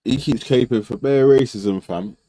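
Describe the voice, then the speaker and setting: A man's voice: medium pitch, normal speed, warm tone, poor audio. A young man hosting a casual panel debate, full of slang, laughing often and mimicking people. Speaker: debate show host.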